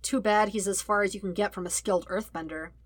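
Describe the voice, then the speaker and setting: A woman narrating a fan-fiction audiobook with a lively, wry storytelling manner. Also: mid-range voice, fast talker, no room sound. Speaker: audiobook reader.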